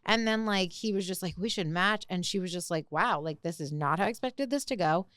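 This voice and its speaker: Young woman, podcast co-host, smooth clear voice, dry close mic, chatty recap style. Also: on the low side, a little fast, no echo. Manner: animated recapping, heavy use of "like". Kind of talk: casual chat.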